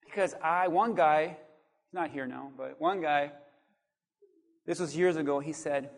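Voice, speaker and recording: A pastor preaching a sermon, swinging from quiet asides to loud, animated calls and acting out what people say. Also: male voice, on the high side, normal speed, long pauses.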